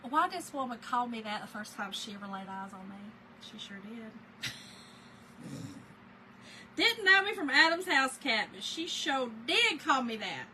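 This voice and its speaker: A woman with a Southern US accent, hosting a craft livestream and telling a story in a chatty, animated way while she works, often laughing and talking to her viewers. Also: a little high, unhurried, a little hiss or hum, low-quality recording.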